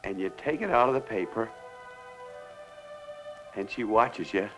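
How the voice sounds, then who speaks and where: An actor playing an obsessed man in a 1960s television drama, swinging between whispers and shouts as he raves about money. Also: on the low side, expressive, a little slow, soft background music. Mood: exalted.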